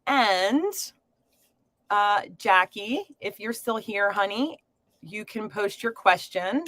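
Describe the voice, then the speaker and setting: A woman's voice: medium pitch, animated, slow pace, no echo. A woman hosting a live tarot reading stream, talking casually to viewers with lots of fillers and pet names. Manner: chatty, warm to viewers, filler-heavy.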